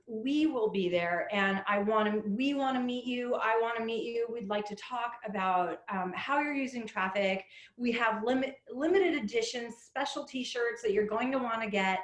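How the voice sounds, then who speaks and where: Woman webinar host, slightly high voice, chatty and upbeat, echoey room sound. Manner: chatty, upbeat, many "um" fillers. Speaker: head of community, webinar host.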